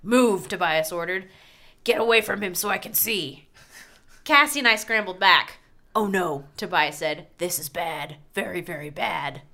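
A woman's voice: lowish voice, a little slow, bright, forceful tone. A woman co-hosting a casual group read-aloud, reading expressively and laughing. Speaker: podcast co-host reading aloud.

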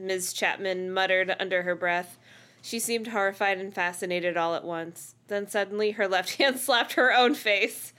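A woman's voice: medium pitch, fairly even intonation, unhurried, fairly bright tone. A woman co-hosting a podcast, reading a novel aloud in a giggly, playful way. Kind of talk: casual read-aloud.

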